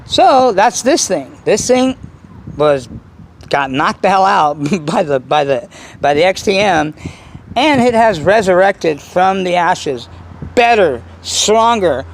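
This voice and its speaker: Hyped up guy bragging and rambling to the camera, voice kinda high and super bouncy, little bit of outdoor noise. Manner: boastful, excitable, rambling with many restarts. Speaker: RC nitro hobbyist vlogger. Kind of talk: casual rambling talk to camera.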